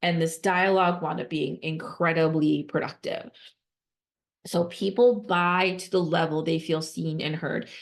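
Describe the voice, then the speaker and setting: Her voice sits low, with fairly even intonation, as she shares podcast advice drawn from her work as a nonprofit fundraising consultant. She talks conversationally but emphatically, repeating herself, restarting fast, and posing rhetorical questions.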